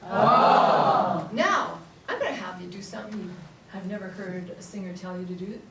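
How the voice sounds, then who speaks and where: A woman singing teacher with an expressive, mid-range voice talks fairly quickly from far off the mic, over a loud crowd. Leading a live voice workshop in a large room, she's playful, laughs a lot, and demonstrates sung vowels, with echo and room noise in the recording.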